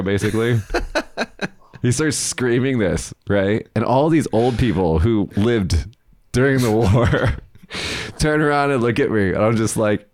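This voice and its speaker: A man's voice: mid-range voice, a little slow, a little mellow, dry recording, studio quality. A man in his thirties who co-hosts a podcast, telling a long story with plenty of swearing and laughter. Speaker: podcast co-host. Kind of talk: casual storytelling chat.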